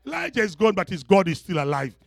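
A man preaching with a high, animated voice that swoops up and down as he acts out the story. He stirs the congregation and calls for their response. The sound is close and dry. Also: fast, creaky, no room sound. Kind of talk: sermon.

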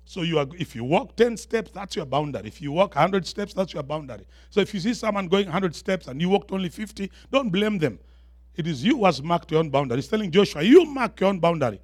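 A man with an African accent delivers a sermon from the pulpit, his voice sitting a little high for a man. He mixes relaxed, joking asides with rising, emphatic declarations and calls for the congregation to respond. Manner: builds to raised, emphatic declarations with call-and-response; quick asides with humor to the congregation. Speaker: guest preacher.

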